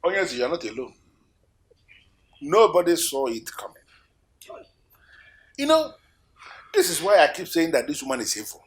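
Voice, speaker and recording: An actor playing a furious scheming politician in a film, speaking with a Nigerian accent, loud and agitated. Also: male voice, fairly high pitch, wildly swooping pitch, normal speed, pauses often. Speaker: kingdom politician. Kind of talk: film acting.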